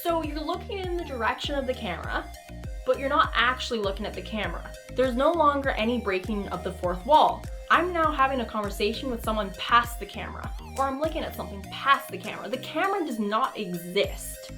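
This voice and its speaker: A woman's voice: high-pitched, animated, fairly quick, hardly any pauses, music in the background. A woman hosting a casual cosplay tutorial, talking to the camera in a playful, goofy way and acting out expressions.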